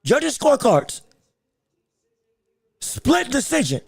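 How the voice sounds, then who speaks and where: High-voiced, excitable man hosting fight commentary. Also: slow, breathy edge, no echo. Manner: excitable, repeats himself, bursts into shouts; greets viewers from the live chat. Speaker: podcast host reacting to a boxing decision on a livestream. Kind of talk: live fight commentary and chat.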